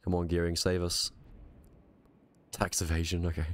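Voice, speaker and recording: A man streaming a naval battle game live, muttering quick reactive commentary to himself with a strained voice. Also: deep voice, monotone.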